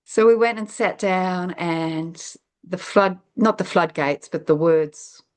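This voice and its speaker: A middle-aged woman with a low voice, talking as an interview guest. She tells her story casually, wanders between thoughts, and stops herself partway through sentences, with plenty of "um"s along the way. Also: slow. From New Zealand. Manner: rambling, reflective, self-interrupting with fillers.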